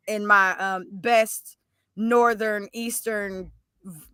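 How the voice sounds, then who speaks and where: Bright, chatty woman co-host. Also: medium pitch, takes it slowly. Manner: chatty, animated, self-correcting. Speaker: podcast co-host. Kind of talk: casual sports chat.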